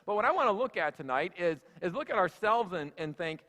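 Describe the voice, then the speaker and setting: High-pitched pastor preaching in a church, chatty and folksy, lots of uh and you know, big echo. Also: male voice, big pitch swings, a little fast, few pauses, pushed and bright. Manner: folksy, conversational, full of fillers and asides. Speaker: senior pastor. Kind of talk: sermon. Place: church sanctuary. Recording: echoey church hall.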